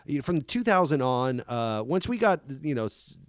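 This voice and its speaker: A man's voice: fairly high pitch, very animated, normal speed, no echo. Easygoing man, dry close sound. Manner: easygoing, rambling with fillers. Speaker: podcast co-host. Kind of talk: casual film-review chat.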